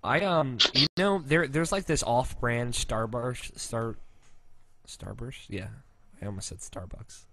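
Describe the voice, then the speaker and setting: A man's voice: medium pitch, takes it slowly, noisy background. A man hosting a podcast in casual chat, reading listener mail, hesitant with many ums, swearing and laughing easily. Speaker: podcast host.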